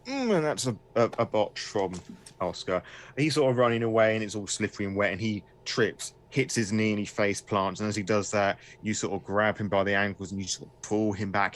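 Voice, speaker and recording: Low-voiced male game master, rambling. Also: brisk, a little hiss or hum. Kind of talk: running a tabletop horror game.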